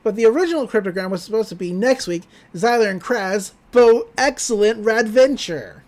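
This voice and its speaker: A woman's voice: fairly high pitch, animated, normal speed, darkish tone. A woman co-hosting a podcast, chatty as she recaps a cartoon episode, laughing often and using plenty of fillers. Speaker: podcast co-host.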